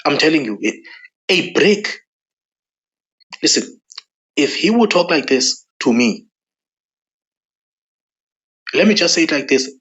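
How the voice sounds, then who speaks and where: A man's voice: mid-range voice, very animated, unhurried, pauses often, muffled recording. A man giving an angry political monologue to camera, driving points home by repeating himself. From South Africa. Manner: forceful, repeats lines for emphasis. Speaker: political commentator.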